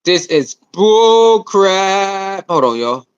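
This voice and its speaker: High-voiced animated livestream host. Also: male voice, very slow, dull audio. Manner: animated, repetitive, slangy banter with viewers. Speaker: livestream host reading chat. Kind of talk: casual livestream chat.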